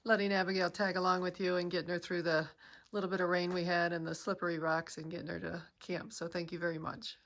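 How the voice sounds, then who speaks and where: On a rocky trail, a long-distance hiker casually vlogs to her camera, chatty and plain, sighing between thoughts. She speaks fast with hardly any pauses, in a fairly low, flat, fairly bright voice with no room sound.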